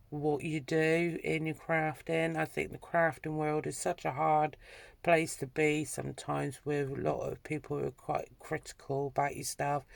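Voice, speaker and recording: A woman with a Dorset accent chatting warmly to camera as a craft vlogger, full of ums and restarts. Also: deep voice, creaky. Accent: Dorset English. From Dorset, England. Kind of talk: casual chat to camera.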